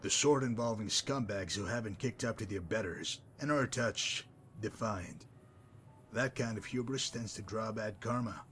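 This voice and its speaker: A man voicing a smug, sardonic male messenger-mercenary in a game, dry and mocking in manner, wordy and unhurried. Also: lowish voice, a bit bright, soft background music, close to an everyday voice. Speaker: game character. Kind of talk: voiced game dialogue.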